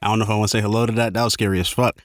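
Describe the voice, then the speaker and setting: A man's voice: fairly low pitch, flat delivery, rapid-fire, heavy background noise. A man co-hosting a podcast, joking around and swearing freely in casual chat. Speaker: podcast co-host.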